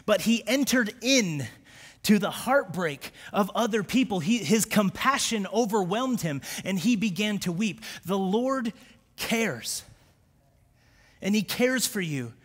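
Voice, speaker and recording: Male preacher, high voice, fervent sermon delivery that swings between loud and intimate, church sanctuary with long echo. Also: expressive, slow. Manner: impassioned, swings from shouted prayer to quiet confiding. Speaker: pastor. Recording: long hall reverb from a church.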